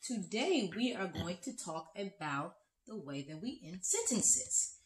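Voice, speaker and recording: A woman teaching a children's lesson, expressive and acting out example sentences. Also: fairly low pitch, a little slow.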